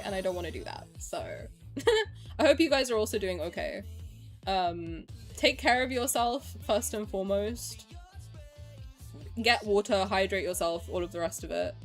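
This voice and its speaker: Ranting English woman streamer, swearing. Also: medium pitch. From England. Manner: frank, swearing, emotional, ranting. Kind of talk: casual livestream chat.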